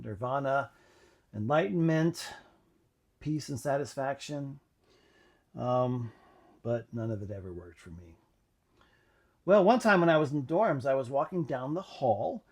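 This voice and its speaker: A man at mid pitch telling his personal testimony. He speaks reflectively and haltingly, often pausing with fillers as he gathers his thoughts. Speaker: channel host.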